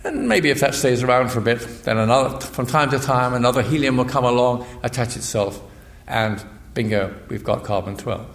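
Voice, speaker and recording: Older man giving an echoey talk. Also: mid-range voice. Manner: measured, explanatory, with frequent restarts. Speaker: guest speaker, physicist and priest. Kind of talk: public lecture. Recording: echoey lecture hall.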